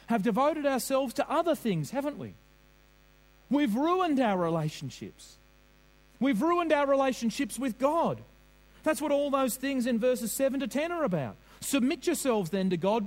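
A man's voice: very high-pitched, rough recording. A man preaching a sermon, earnest and questioning, drawing on vivid everyday examples.

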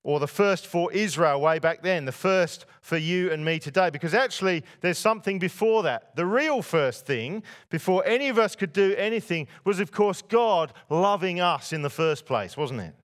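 A man's voice: high-pitched, lively intonation, moderate pace, hardly any pauses. A man preaching a sermon to a church congregation, putting rhetorical questions to his listeners. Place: church before a masked congregation.

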